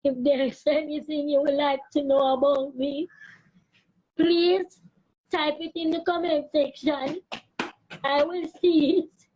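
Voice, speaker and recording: A woman's voice: high-pitched, flat delivery, unhurried, darkish tone, muffled recording. A woman chatting on a live stream from her phone, distracted and laughing at herself. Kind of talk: casual live stream chat.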